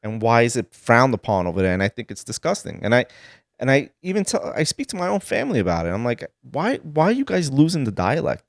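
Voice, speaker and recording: A man who grew up in Sicily, a guest telling animated stories in casual chat. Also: medium pitch, fast, no echo, studio quality. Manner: animated storytelling with laughs.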